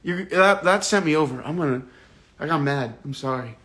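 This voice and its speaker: A man with a slightly raised pitch hosts a live online book club. He talks casually and with animated indignation, reading out viewer comments and reacting to them with slang and the odd curse. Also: moderate pace.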